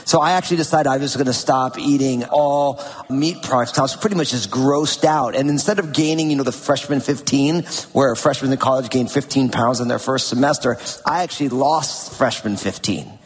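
Pastor, male, middle-aged, from New Jersey; husky voice, chatty storytelling sermon, long hall reverb. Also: medium pitch, normal speed, hardly any pauses. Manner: casual, conversational, with self-deprecating asides. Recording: long reverb with faint music behind.

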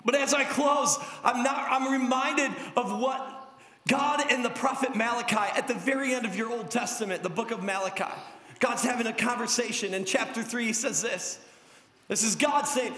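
A man preaching a sermon with animated delivery, acting out God and his listeners in quoted asides. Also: very high-pitched, normal speed, slightly rough. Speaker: pastor. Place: church hall. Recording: echoey hall with faint music.

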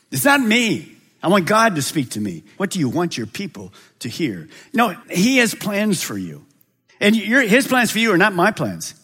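A man preaching a sermon as pastor of a large church, with a dramatic delivery that swings from loud high calls to quiet, low drops. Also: wildly swooping pitch, moderate pace, slightly rough, soft background music.

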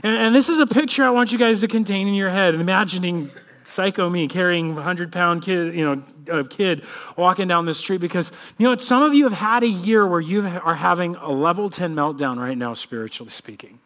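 High-voiced pastor telling stories. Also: male voice, brisk. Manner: animated storytelling, acts out kids' voices. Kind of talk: sermon with prayer and personal story.

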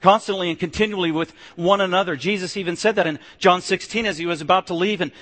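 Man, pastor, sermon, emphatic, dips low and quiet, slightly high voice. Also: fast talker, long reverb tail. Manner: emphatic, swings between loud declarations and low hushed stretches.

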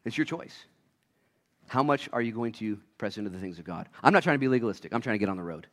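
A man preaching a sermon as a pastor, acting out little voices, swinging between loud shouts and quiet asides. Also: lowish voice, expressive, quick pace.

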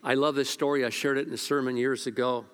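A male pastor preaching a sermon at a church service, telling stories, sometimes hushed and sometimes loud. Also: medium pitch, level tone, fast talker, smooth.

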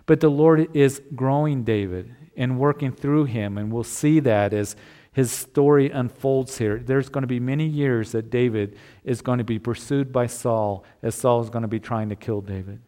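A male pastor delivers a sermon in an earnest, conversational way. His voice sits at an ordinary middle pitch, and he sometimes restarts a phrase as he works through his point. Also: normal speed, warm tone.

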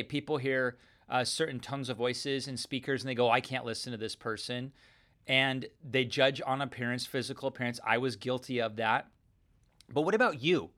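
Man, mid-pitched, casual earnest Bible teacher, conversational, podcast host. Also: a bit bright. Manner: conversational, earnest, chuckles as he talks.

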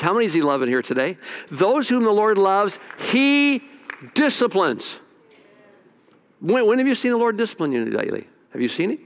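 A male pastor delivering a sermon in a somewhat high voice. He pushes hard on warnings and drops low for quieter asides, acting out little scenes as he goes. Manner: dramatic, swings between loud exhortation and quiet asides.

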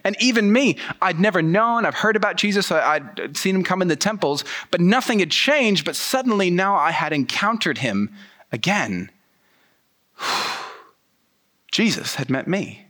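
A man telling a sermon story in the first person, animated and using casual slang. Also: high voice, unhurried. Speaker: pastor.

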